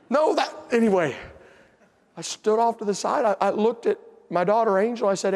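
A man's voice: very high-pitched, fairly quick. A man preaching a sermon, telling a personal story in an emotional, self-deprecating way. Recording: long hall reverb.

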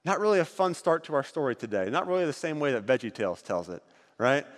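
A man's voice: a little high, sing-song, fast, long reverb tail. A man leading a group through an acted-out Bible story, directing volunteers on stage as he narrates.

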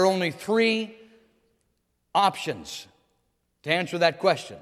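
A man's voice: high-pitched, big pitch swings, takes it slowly, fairly bright tone. A male pastor preaching a sermon, building to emphatic, rising declarations. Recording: long hall reverb.

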